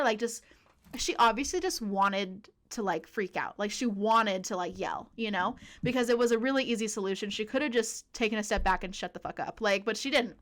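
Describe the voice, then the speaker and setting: A young woman chatting casually on a podcast, telling a workplace story in an animated way, laughing often. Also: a little high, quick pace. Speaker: podcast co-host.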